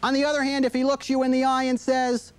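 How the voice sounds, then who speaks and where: A man's voice: extremely high pitch, completely flat delivery, fast, clean tone. A man giving an instructional talk to parents on child behavior, explaining with examples and acting out quoted lines from a 1980s videotape.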